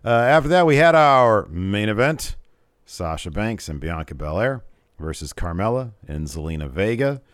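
A man's voice: on the low side, big pitch swings, moderate pace, no room sound, studio quality. A man co-hosting a live-streamed podcast, recapping wrestling in a rambling, casual way with lots of fillers. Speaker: podcast co-host.

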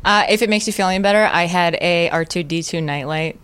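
A woman radio host interviewing a guest on TV, playful and quick to laugh along. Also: on the low side, fairly bright tone, clear, resonant tone. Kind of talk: TV interview hosting.

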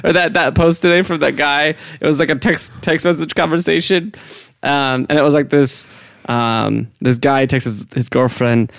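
A man's voice: a little high, steady tone, normal speed, vocal fry, fairly bright tone, no echo, studio quality. A man co-hosting a casual podcast chat, rambling through his explanations and often breaking into laughter. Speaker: podcast co-host explaining a topic.

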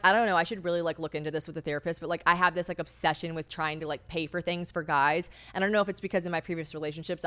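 A woman's voice: lowish voice, clear, resonant tone. A young woman hosting a podcast, telling stories casually with many fillers and swearing. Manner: rambling, animated storytelling with lots of fillers and profanity. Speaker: podcast host. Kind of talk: casual chat.

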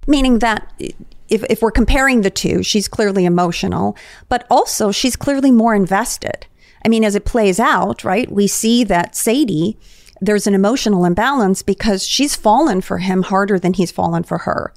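A woman therapist talks through relationship patterns in a measured, explanatory manner. Her voice sits at a middle pitch and is recorded close and dry, with no room sound. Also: no room sound. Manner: explanatory, analytical. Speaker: therapist guest. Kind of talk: podcast conversation.

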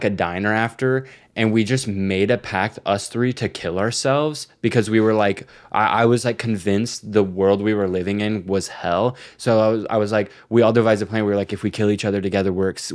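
A man with a somewhat low voice chats casually as a podcast co-host. He tells stories with lots of swearing and frequent laughter. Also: moderate pace. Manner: laughing, profane, storytelling. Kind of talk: casual chat.

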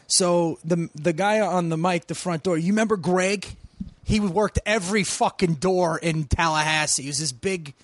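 A man's voice: sits high, normal speed, no echo. A man in his forties telling a profane story in casual podcast talk, acting out the people he quotes. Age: 40s. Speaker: comedian guest.

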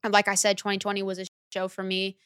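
Slangy, animated young woman telling a story. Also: medium pitch, fast, clean tone, no echo, studio quality. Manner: animated, slangy, acts out her own past reactions. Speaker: recording artist guest. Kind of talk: casual interview storytelling.

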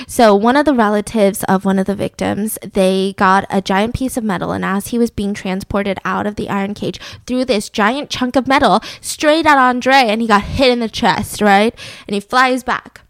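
A woman co-hosting a casual podcast, telling a true crime story with lively acted-out quotes and frequent swearing. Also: mid-range voice, moderate pace, few pauses, no room sound. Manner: animated storytelling, acts out quotes, swears freely. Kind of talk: casual chat.

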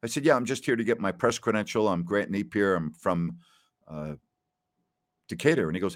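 A man's voice: low-pitched, animated, moderate pace, no echo, clean studio sound. A middle-aged man from New York hosting a radio talk show, telling rambling, nostalgic stories with plenty of fillers. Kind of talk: casual call-in show chat.

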